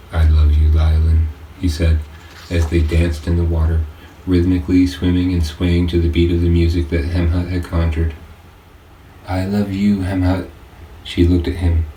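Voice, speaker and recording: A man narrates an audiobook in a deep, mellow voice, reading with earnest, measured delivery. He sounds set back from the mic in a roomy space. A faint hiss sits underneath. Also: far from the mic.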